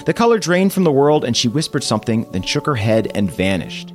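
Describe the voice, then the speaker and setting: A man game master, hosting and narrating a tabletop game recap in a playful, animated storytelling way. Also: mid-range voice, fairly quick, faint music behind.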